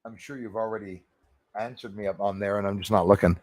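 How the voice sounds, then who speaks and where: A man's voice: fairly low pitch, steady tone, fast, no room sound, clean studio sound. A man hosting a casual livestream, reading comments aloud, laughing and poking fun at himself. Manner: laughing, self-deprecating, chatty. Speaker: livestream host reading chat.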